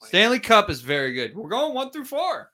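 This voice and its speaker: Man, podcast host, casual sports chat, animated storyteller, bright tone. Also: high voice, moderate pace. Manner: animated storytelling, swears freely.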